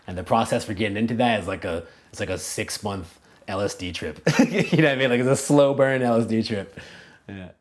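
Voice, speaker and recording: Casual, low-voiced man thinking aloud. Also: a little fast. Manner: casual, animated, many "like" and "you know" fillers; thinks aloud, restarts phrases. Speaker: language coach, interview guest. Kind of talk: conversational interview answers.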